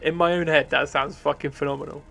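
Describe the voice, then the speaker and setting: A young man chatting through his live game stream, loose and profane, quick to laugh at himself. His voice sits a bit high with a gravelly rasp. Faint game music hums underneath. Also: steady tone, a bit bright. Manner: swearing, self-mocking, laughs easily. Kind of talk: casual live game commentary.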